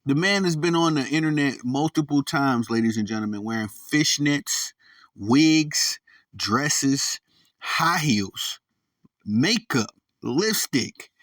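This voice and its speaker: A man hosting a podcast, ranting with slangy, animated commentary and stumbling repeats when heated. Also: mid-range voice, slow, no room sound, far from the mic. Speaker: podcast host. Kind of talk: opinionated commentary rant.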